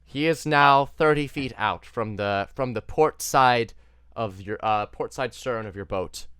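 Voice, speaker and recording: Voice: medium pitch, measured pace, fairly bright tone, smooth, dry recording, clean studio sound. A game master narrating a tabletop game over a voice call, casual and hesitant with many fillers. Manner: hesitant, lots of uh and restarts, casual. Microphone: desk mic on a voice call.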